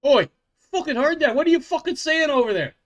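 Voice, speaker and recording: A man voicing a short, belligerent male dwarf jailer with a put-on dwarven brogue, gruff and swearing. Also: very high voice, lively intonation, a little fast, voice pushed up. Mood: angry.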